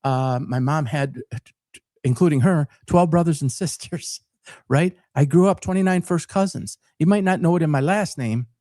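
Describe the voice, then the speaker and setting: A man in his fifties from Detroit with a Detroit accent, talking straight to camera in an unscripted monologue. His voice sits a bit high for a man, and he speaks earnestly and emphatically, repeating words as he builds his points. The recording is dry and close, with little room sound. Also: moderate pace, dark tone, dry recording. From Detroit, Michigan. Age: 50s. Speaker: sports talk show host.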